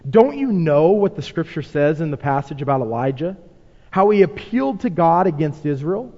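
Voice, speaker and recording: Animated high-voiced preacher in a hall. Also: male voice, normal speed. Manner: dramatic, acts out quotes, rhetorical questions to the congregation. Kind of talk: sermon. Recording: muffled sound with long hall reverb.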